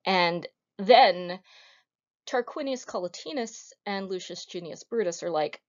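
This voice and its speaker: A woman's voice: medium pitch, lively intonation, unhurried. A woman giving a recorded history lecture in a casual, conversational way, with wry asides. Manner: informal, wry asides, retells scenes with acted quotes. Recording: slightly dull lo-fi audio.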